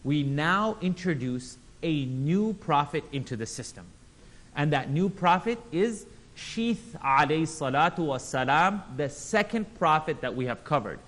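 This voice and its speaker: A man with a somewhat high voice teaches a religious class in an animated way. He slips into little voices for the people in his stories and keeps firing questions at his listeners. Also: measured pace. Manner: animated, acts out quotes in voices; engages audience with questions. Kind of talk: Islamic class lecture.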